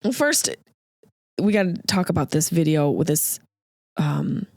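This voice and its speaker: A woman hosting a podcast, telling a comic story in an animated, jokey way and acting out the voices of the people in it. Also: deep voice, unhurried, no echo. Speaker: podcast host. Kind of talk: comedic storytelling monologue.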